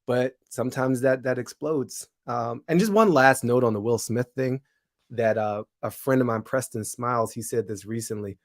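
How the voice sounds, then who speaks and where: A man speaking as an interview guest, reflective and thoughtful, with quick asides and frequent laughs. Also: mid-range voice. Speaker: guest, comedian and show host.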